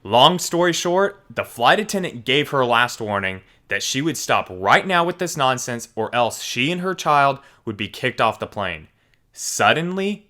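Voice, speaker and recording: A man hosting a channel and narrating online posts in an animated, expressive storytelling way. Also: mid-range voice. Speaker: channel host reading stories.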